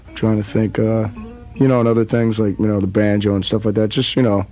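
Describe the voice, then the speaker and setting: A man's voice: on the low side, level tone, brisk, dark tone, dry recording, faint music behind, poor audio. A man from New Jersey with a Southern-tinged accent, talking as a guest in a casual radio interview in a laid-back, rambling way. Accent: Southern-tinged American. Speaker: guest rock musician. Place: radio studio.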